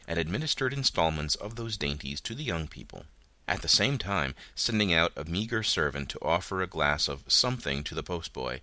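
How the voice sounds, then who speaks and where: A man narrating a classic novel as an audiobook, with an expressive, dramatic reading. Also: sits low, dry recording.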